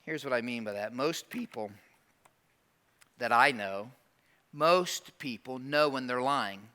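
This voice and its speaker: A man pastor preaching a sermon, animated and emphatic, sometimes dropping to slow quiet asides. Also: mid-range voice, smooth. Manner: animated, acts out quoted prayers in a raised voice.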